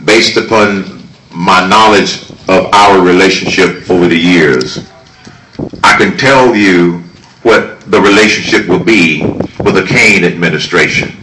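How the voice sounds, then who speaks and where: A political candidate speaking at an outdoor campaign rally, emphatic and rousing, shouting his key lines. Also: low-pitched, a little slow. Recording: echoey, distant mic, crowd noise. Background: crowd ambience.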